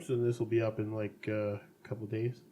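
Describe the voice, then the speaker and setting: A man's voice: on the low side, little pitch movement, fairly quick, mellow, a little hiss or hum. Laughing, joking middle-aged man. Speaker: podcast co-host. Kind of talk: casual chat.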